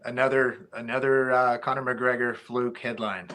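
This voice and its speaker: A man's voice: medium pitch, level tone, moderate pace, fairly bright tone, a little hiss or hum. A man, a former fighter, talking casually as a podcast guest, rambling with many restarts.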